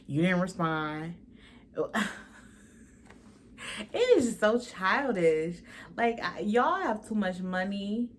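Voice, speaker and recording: A woman's voice: lowish voice, slight background noise. A young woman hosting a casual reality TV recap, blunt and slangy, swearing freely and mimicking the cast.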